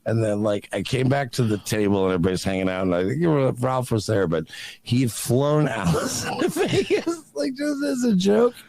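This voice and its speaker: A man's voice: mid-range voice, very animated, moderate pace, darkish tone. A man telling crude, boastful stories and laughing at his own jokes during a livestream panel chat. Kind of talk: brash livestream banter.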